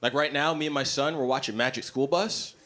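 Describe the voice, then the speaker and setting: A man doing a stand-up comedy set in a club, blunt, profane and animated. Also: medium pitch, fairly quick. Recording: live comedy club, noisy ambience.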